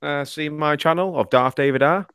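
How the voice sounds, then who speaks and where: A man's voice: fairly high pitch, moderate pace, fairly bright tone, clean tone, no echo, studio quality. Stammering British man in casual chat. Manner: stammering, hesitant. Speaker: panel guest. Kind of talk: casual online panel chat.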